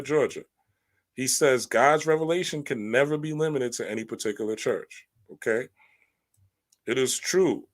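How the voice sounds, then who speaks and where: Blunt, preachy man with a low voice. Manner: blunt, preachy, slangy asides, rising emphasis. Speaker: spiritual teacher. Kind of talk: livestream talk reading and commenting.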